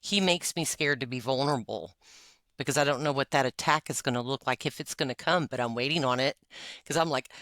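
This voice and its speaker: Woman in her 40s, confessional podcast co-host, crisp bright tone, dry close mic. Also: low voice, a little fast, no echo. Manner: emotional, confessional, with frequent fillers and laughs. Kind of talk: candid personal conversation.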